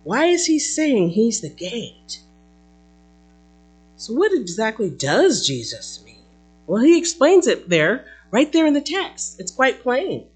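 A woman teaching a Bible passage in a lively, conversational way, breaking into playful asides. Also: on the high side, slow pace, slightly rough, faint music behind.

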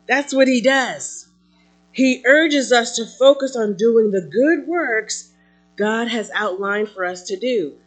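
Breathy, slow-paced woman preaching. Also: fairly high pitch, soft background music. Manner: expressive, swinging between loud emphasis and soft asides, with fillers. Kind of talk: sermon.

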